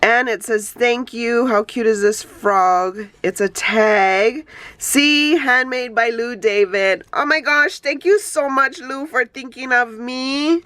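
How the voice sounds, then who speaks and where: A woman from Hawaii, a craft YouTuber, gushing with excitement as she unboxes happy mail in casual chat. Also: fairly high pitch, slow, no room sound. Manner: gushing, exclamatory, lots of "oh my gosh". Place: home, Phoenix.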